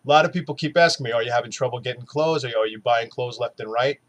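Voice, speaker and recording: A weight-loss vlogger, three months out from surgery, records a casual motivational video in a medium-pitched, slightly bright voice, talking fast. He's blunt and earnest, swearing heavily as he tells viewers to go easy on themselves.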